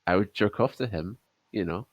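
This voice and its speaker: Scottish man, podcast chat, very low voice, profane and rambling, dry headset sound. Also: normal speed, husky, no echo, highs cut off. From Scotland. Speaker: podcast co-host. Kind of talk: casual chat. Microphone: headset over voice chat.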